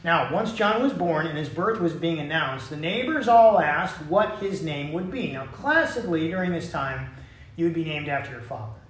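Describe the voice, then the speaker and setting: Guy preaching, kinda high voice, chatty with asides, echoey church room. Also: animated, moderate pace, slight background noise. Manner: conversational preaching with asides and restarts. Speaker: pastor. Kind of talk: sermon.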